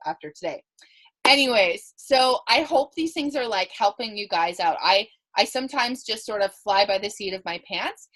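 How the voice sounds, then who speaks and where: A woman leading a team training call, telling stories and acting out both sides of her conversations. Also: medium pitch. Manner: animated storytelling, quoting herself and others. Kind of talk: coaching talk with acted-out dialogue. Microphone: call recording.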